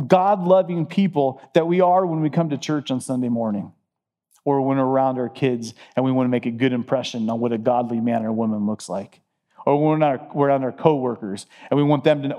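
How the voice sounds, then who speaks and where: Earnest preaching man, mellow voice. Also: medium pitch. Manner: earnest preaching with emphatic repetition. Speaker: pastor. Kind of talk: sermon.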